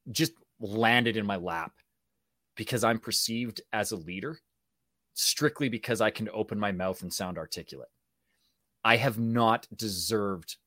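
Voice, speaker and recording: A man with a Canadian accent tells stories in a fairly low voice, animated and playful. The recording is dry and close, with no room sound. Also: no room sound. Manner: animated, acts out voices in anecdotes. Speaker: guest, actor and speaking coach. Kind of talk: casual storytelling.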